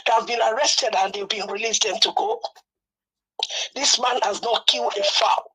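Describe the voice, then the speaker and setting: A woman's voice: on the high side, moderate pace, sharp tone, husky, poor audio. A Nigerian woman phoning in to a live talk show, upset and pleading. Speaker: caller. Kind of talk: angry call-in speech.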